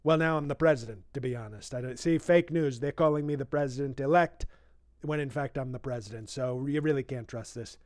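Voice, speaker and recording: A man's voice: mid-range voice, a little fast, hardly any pauses, darkish tone, dry recording, clean studio sound, lightly acted. A man doing a comic impression of a boastful older male politician, reading a book aloud and breaking off into rambling, self-praising asides.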